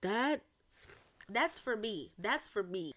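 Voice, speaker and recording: A young woman hosting a solo podcast, talking in a chatty, rambling way with animated asides. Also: mid-range voice, slow. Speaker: podcast host. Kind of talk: casual solo chat.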